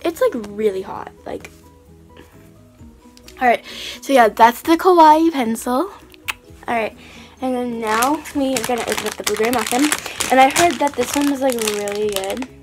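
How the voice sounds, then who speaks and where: A young woman unboxing squishies in a casual vlog, gushing and excitable, full of "like" and "oh my god". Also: a little high, normal speed, pauses often, soft background music. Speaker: vlogger.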